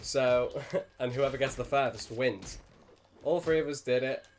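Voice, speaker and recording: In an unhurried, mid-range voice, a young man who hosts let's plays recounts a comical story from his childhood. He laughs a lot throughout this casual, lively anecdote.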